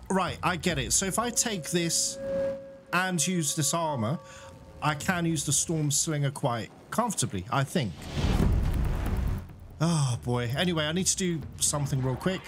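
A man talks through his gameplay in a chatty way, with a slightly high voice. He laughs often and gets exasperated when things go wrong. Game music plays clearly behind him. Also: a little slow. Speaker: gaming YouTuber. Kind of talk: let's play commentary.

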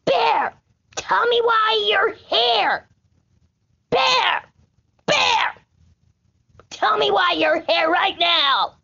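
A rambling, panicky male president who frightens easily and screams often, as a woman puts him on. The voice sits high with a heavy, gravelly fry and drags along at a very slow pace. It comes through a dull, lo-fi homemade recording. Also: fairly bright tone, heavily acted. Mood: frightened. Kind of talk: homemade comedy skit.

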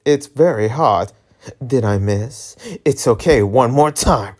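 A man's voice: mid-range voice, slow pace. A man casually reading a webtoon aloud, stumbling over lines and laughing at his own slips. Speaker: webtoon reader.

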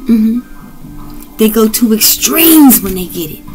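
A woman's voice: fairly high pitch, lively intonation, slow, over music, low-quality recording. Brash, profane woman reading tarot. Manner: brash, profane, rowdy and playful. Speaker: tarot reader.

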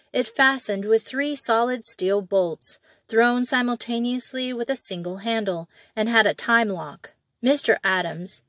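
A woman reading classic short stories aloud in a steady storytelling manner. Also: mid-range voice, no room sound. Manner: steady storytelling with small slips. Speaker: audiobook reader.

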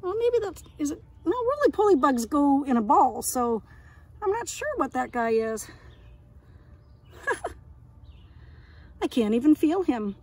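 A woman leading an outdoor lesson for young children, talking gently in a sing-song way, as if to friends. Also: sits high, very animated, moderate pace. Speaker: early years educator. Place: outdoors in a yard and woods.

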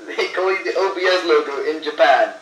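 A man's voice: a little high, fairly quick, fairly bright tone. A man trading teasing jokes on a home cooking show, often stumbling and restarting. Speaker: co-host of an online cooking show. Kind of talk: joking banter. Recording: roomy, distant, noisy.

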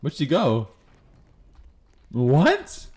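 Excitable, swearing gamer guy, lively voice. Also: a little high, drawn-out words. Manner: profane, excitable, swings into yelling. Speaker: gaming streamer. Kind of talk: casual gameplay commentary. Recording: noisy game audio behind.

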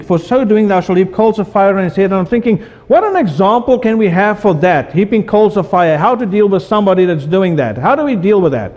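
Male pastor, high voice, preaching with call-and-response questions, long church reverb. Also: darkish tone, lo-fi sound. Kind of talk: sermon.

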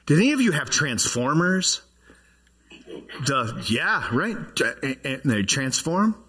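Lively, husky-voiced male pastor. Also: a little high, slow. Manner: conversational, asks the congregation questions. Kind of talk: sermon. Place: church.

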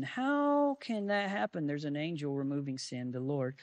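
A man's voice: a little high, moderate pace, few pauses, dry recording, clean studio sound. A male pastor preaching a sermon, teaching from scripture with many rhetorical questions to the congregation.

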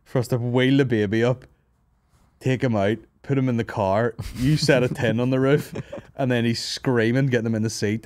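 A man's voice: mid-range voice, fairly even intonation, normal speed, darkish tone. A Northern Irish man hosting a podcast, telling a rambling comic story, swearing a lot and laughing often, hungover and tired. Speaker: podcast host. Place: office.

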